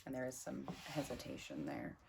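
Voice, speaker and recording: A woman giving a casual tarot reading, chatty and excitable as she thinks aloud over the cards. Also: rumbling low, normal speed, vocal fry, noisy background. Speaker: tarot reader.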